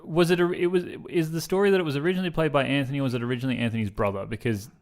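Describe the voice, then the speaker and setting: Aussie bloke in his 30s, mid-pitch, jokey banter on a podcast. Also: steady tone, very fast. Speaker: podcast co-host. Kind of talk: casual chat.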